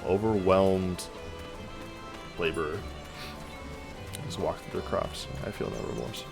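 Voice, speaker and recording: A man's voice: deep voice, takes it slowly, creaky, music in the background. A man streaming a game and chatting casually with wry, laid-back asides. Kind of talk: casual gameplay commentary.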